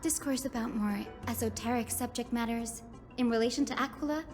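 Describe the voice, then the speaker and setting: A young woman scholar in a game, voiced by an actress, who explains things in a high, clear and measured voice. Her assistant lecturer manner stays patient and orderly. Game music plays clearly behind her. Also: darkish tone, close to an everyday voice. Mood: explaining. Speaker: game character. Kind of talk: game voice acting.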